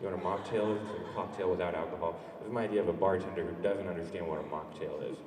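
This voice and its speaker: A man's voice: low voice, steady tone, very fast, few pauses. A male stand-up comedian performing a live set in a warehouse, playfully teasing the audience. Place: warehouse venue. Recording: echoey warehouse, far mic, loud crowd.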